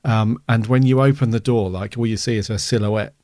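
A man co-hosts a podcast, chatting casually in a review conversation and rambling with lots of fillers. His voice is fairly low, steady and darkish, a little fast, and the recording is studio quality with no room sound.

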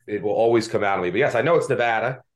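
A man's voice: on the low side, very fast. A man with a Delco accent hosting a casual sports betting podcast, chatty and self-deprecating. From Delaware County, Pennsylvania. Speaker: podcast host.

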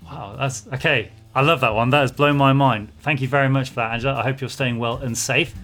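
A man's voice: medium pitch, fairly even intonation, a little fast, pushed and bright, soft background music. A man co-hosting a podcast, chatting casually and reading out listener messages in an upbeat way. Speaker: podcast co-host.

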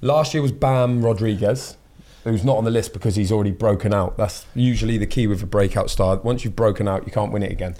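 A man's voice: lowish voice, brisk, few pauses, warm tone. Chatty, playful male podcast host. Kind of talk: casual chat.

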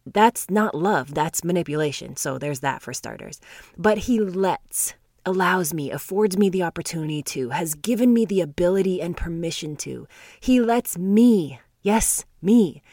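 A woman talks through scripture on her devotional podcast, earnest and personal. Her voice sits a little low, and she slows right down to lean on single words, with the odd laugh in between. The sound is dry and close, with no room around it. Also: expressive, darkish tone, no echo. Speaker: podcast host.

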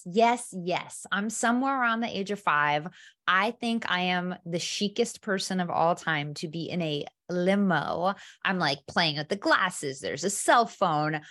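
A woman guest telling a personal story in conversation, vivid and animated, slipping into lively quoted asides. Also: lowish voice. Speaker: interview guest.

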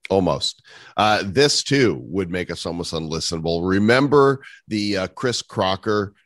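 A man's voice: sits low, lively intonation, a little slow, fairly bright tone, no echo, studio quality. A man co-hosting a podcast, chatting casually with wry jokes and reading aloud with asides. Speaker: podcast co-host. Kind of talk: casual chat.

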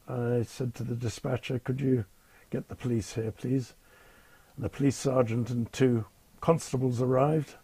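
An older man, slightly husky, spins anecdotes in a wry, understated way. His voice sits at an ordinary pitch. The sound is close and dry, with no room around it. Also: warm tone, no room sound. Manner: wry, understated, dryly amused. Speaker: retired airline captain telling stories. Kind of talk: anecdotal interview storytelling.

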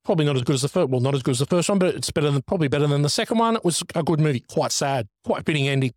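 Male co-host, forties, slightly high voice, dry close mic, tells stories with lively put-on quotes. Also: rapid-fire, dry recording. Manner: animated storyteller, jumps higher acting out quotes. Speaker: podcast co-host. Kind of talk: casual chat.

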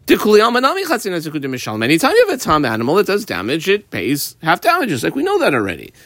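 A man teaching a Talmud page line by line, explaining each phrase and marking up the text as he goes, sometimes quick, sometimes slow and stressed. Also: fairly high pitch, huge pitch swings, fairly bright tone, dry recording. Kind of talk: page-by-page study lesson.

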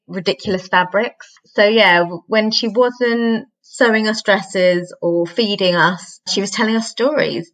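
A woman's voice: medium pitch, low-quality recording. A woman, a podcast guest, telling family stories in a reflective way and laughing often. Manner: reflective, warm storytelling with frequent laughter. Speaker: podcast guest, author and singer. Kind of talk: conversational interview.

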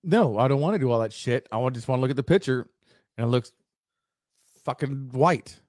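A man's voice: medium pitch, lively intonation, fairly quick, a little mellow, no echo, clean studio sound. A man co-hosting a podcast, cracking crude jokes in casual banter. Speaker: podcast host. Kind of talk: casual chat.

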